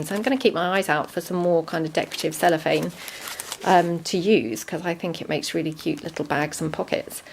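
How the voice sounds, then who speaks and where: Woman, crafter, low-pitched, chatty show-and-tell with ums, faint hiss behind. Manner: chatty, relaxed, frequent ums. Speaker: crafter showing a handmade junk journal. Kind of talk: casual show-and-tell narration.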